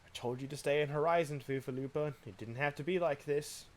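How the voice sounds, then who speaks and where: A man's voice: a little high, brisk, lightly acted. Man reading a scornful, crooked captain. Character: corrupt male guard captain, scornful and greedy.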